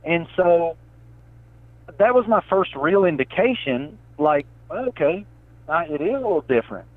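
Animated Appalachian man on a tinny line. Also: on the high side, measured pace, dry recording. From southwest Virginia, Appalachia. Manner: animated storytelling, says man and brother. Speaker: guest, sports reporter. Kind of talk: casual interview. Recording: tinny phone-line sound.

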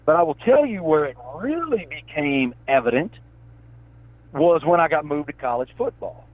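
A man with an Appalachian accent, a guest telling stories in a casual interview, animated and folksy. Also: fairly high pitch, moderate pace, no room sound. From southwest Virginia, Appalachia. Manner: animated storytelling, says man and brother. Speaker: guest, sports reporter. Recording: tinny phone-line sound.

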